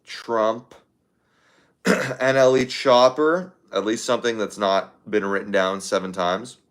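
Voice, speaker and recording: A man hosting a casual livestream, reading viewer comments aloud in a fairly low voice. He talks offhandedly, thinking out loud with plenty of fillers and repeated words. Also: fairly even intonation, slow. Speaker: livestream host.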